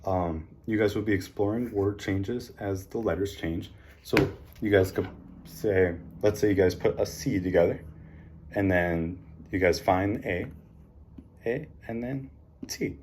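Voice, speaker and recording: Deep-voiced encouraging male teacher. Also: a little mellow, a little hiss or hum. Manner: encouraging, sounds out letters slowly; frequent fillers like um and like. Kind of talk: classroom phonics lesson.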